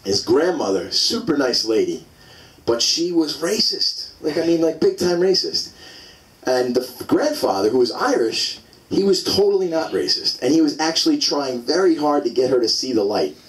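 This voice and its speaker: A man's voice: a little high, very animated, normal speed, recorded from a distance, low-quality recording. A man in his forties doing a stand-up comedy set, telling loose, rambling stories full of fillers on a club stage. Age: 40s.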